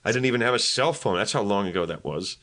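A man's voice: fairly low pitch, lively intonation, fast talker, a bit bright. A man, a comedian, chatting casually on a podcast, telling stories in a rambling, self-deprecating way. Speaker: comedian guest.

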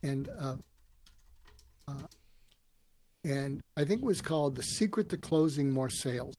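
A man telling stories in an interview, acting out quoted lines with lively voices. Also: fairly high pitch, vocal fry. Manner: animated storyteller acting out quotes. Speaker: guest, author and speaker. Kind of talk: storytelling interview answers.

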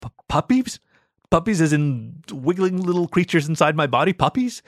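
A man's voice: on the high side, expressive, normal speed, no echo, studio quality, voice pushed up. A man voicing a flustered, exasperated pregnant female canine who stammers and protests.

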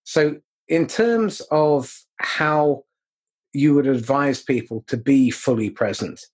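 Measured husky man asking questions. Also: mid-range voice, a little mellow. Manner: measured, thoughtful, slow and deliberate. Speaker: interviewer. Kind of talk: reflective interview question.

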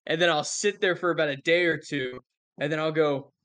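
A man guesting on a casual podcast as an author, speaking with eager, quick bursts of excitement. His voice sits a little high and is recorded dry and close. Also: no echo. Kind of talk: casual interview chat.

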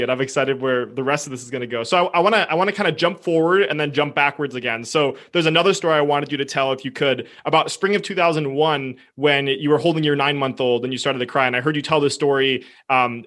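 A man's voice: mid-range voice, fairly bright tone. A man hosting a podcast, asking questions in an upbeat, encouraging way. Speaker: podcast host. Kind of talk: interview questions.

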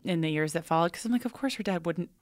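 A woman's voice: on the low side, quick pace, a little mellow. A woman, a podcast guest, discussing a movie in casual, rambling chat with many fillers.

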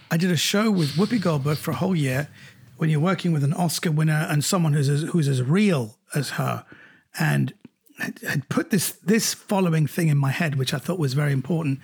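A middle-aged man, a comedian, recounting anecdotes in an animated way during an interview. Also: a little fast, husky. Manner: animated anecdotes, jumps higher when quoting others. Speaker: comedian guest. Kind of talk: storytelling in an interview.

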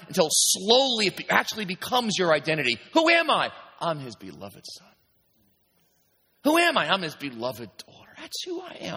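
A man preaching a sermon in an emphatic, animated way, often pausing to ask his listeners if they understand. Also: mid-range voice, slightly rough. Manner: emphatic, repeatedly asking "do you understand?". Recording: long hall reverb.

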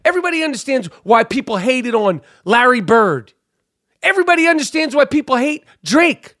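A man hosting a podcast, ranting loudly and profanely about sports with lots of fillers. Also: very high voice, big pitch swings, brisk, no room sound, studio quality. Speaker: podcast host.

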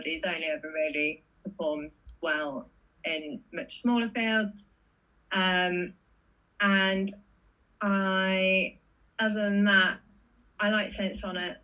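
A woman's voice: on the low side, bright, forceful tone. A woman chatting about her horse racing picks, giggling often between points. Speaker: racing tipster panelist. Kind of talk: casual racing tips discussion. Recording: dull lo-fi audio.

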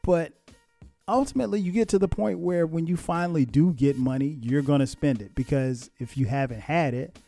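A middle-aged man hosting a podcast, telling a relaxed, self-mocking story about his past and chuckling often. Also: on the high side, moderate pace, vocal fry, soft background music. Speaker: podcast host.

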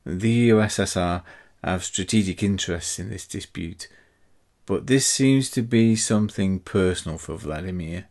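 A man voicing a male spy handler who briefs agents on a mission, in a brisk, measured way. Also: low-pitched, darkish tone. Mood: stern.

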